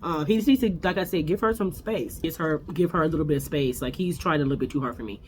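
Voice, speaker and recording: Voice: mid-range voice, fast, a little hiss or hum. A host giving a casual, rambling reality TV recap, full of opinions and restarts.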